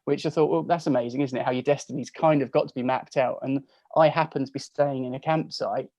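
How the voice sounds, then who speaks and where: A man's voice: medium pitch, steady tone, fast, a little mellow, no room sound. A man in his forties from England, chatting as a podcast guest on a video call, telling stories in a chatty, self-mocking way. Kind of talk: casual chat.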